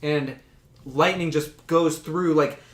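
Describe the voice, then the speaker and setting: A man's voice: on the high side, fairly even intonation, slow pace, reverberant. A man narrating as game master of a tabletop game, rambling with fillers and laughing.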